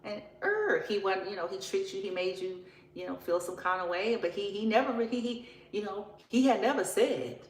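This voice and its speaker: A woman's voice: medium pitch, moderate pace, echoey room, slight background noise, rough recording. A woman giving a casual tarot reading, blunt and profane, often laughing as she talks. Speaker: tarot reader.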